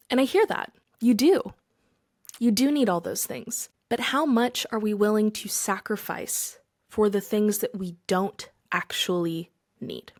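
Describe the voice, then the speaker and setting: A woman hosting a podcast, speaking earnestly in a reflective monologue, slowing down and dropping to whispers for emphasis. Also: mid-range voice. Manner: earnest, with whispered emphasis and slow dramatic pauses. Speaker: podcast host.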